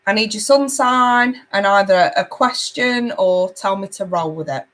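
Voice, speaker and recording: A woman's voice: medium pitch, measured pace, fairly bright tone. A chatty woman hosting a live tarot reading. She talks casually and affectionately to her viewers, calling them babe and sweetheart as she reads out their comments. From United Kingdom. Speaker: tarot reader hosting a livestream. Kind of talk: casual livestream chat.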